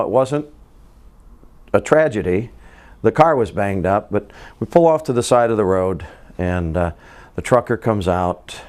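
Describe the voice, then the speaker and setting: A man's voice: sits low, a little mellow. A man in his fifties hosting a podcast, talking earnestly in a casual monologue, telling stories and asking himself rhetorical questions. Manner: earnest, storytelling with repeated restarts. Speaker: podcast host.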